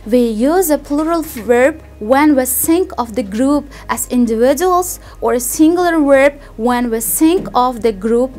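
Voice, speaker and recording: A young woman presents to a class in a slightly high voice, with a soft bed of music behind her. Her first language is Uzbek, and she explains slowly and carefully, saying each example word more than once. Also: lively intonation. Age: young adult. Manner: careful, deliberate explanation with repeated example words. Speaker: student presenter.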